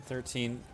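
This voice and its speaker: A young man runs a tabletop game as game master, narrating the action in an animated, loose way. He laughs often and leans on fillers and casual swearing. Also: mid-range voice.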